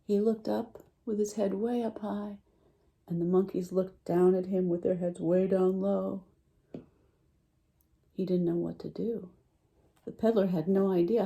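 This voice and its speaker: A woman teacher reading a picture book aloud to children, animated and full of questions for her listeners. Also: medium pitch, normal speed, pauses often. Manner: animated, asks listeners questions, lively voice swings.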